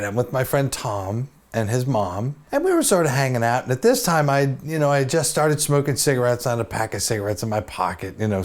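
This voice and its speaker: A man in his fifties telling a story to camera as host, chatty and self-deprecating, with many asides. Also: mid-range voice.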